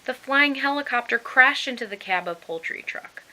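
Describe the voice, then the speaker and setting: Woman reading a kids picture book out loud, bright voice, lots of expression. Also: sits high, normal speed, poor audio. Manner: expressive, animated. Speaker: storybook reader.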